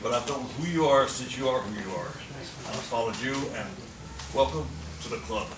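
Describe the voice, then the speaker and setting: A man's voice: mid-range voice, normal speed. Man giving a formal welcome speech, distant mic, heavy background noise. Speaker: martial arts elder giving a tribute. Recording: echoey room, distant, loud noise.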